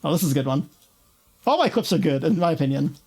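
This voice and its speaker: A woman's voice: low voice, expressive, fast talker, a little mellow, slightly rough, soft background music. A young woman with a New York accent chatting casually on a livestream, rambling, laughing often and swearing freely. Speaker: streamer.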